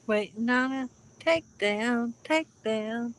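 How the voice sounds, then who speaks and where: An easygoing woman talks from a pontoon boat in the open air, and she speaks at a slow, unhurried pace. Her tone stays relaxed and casual as she greets her viewers by name. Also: a little high, poor audio. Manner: laid-back, chats with viewers by name. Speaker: fishing live-streamer. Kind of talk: casual live-stream chat.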